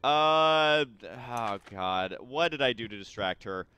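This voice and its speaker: A young man giving casual let's play commentary while gaming, excitable and quick to exasperated outbursts. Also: medium pitch, clean tone, dry recording.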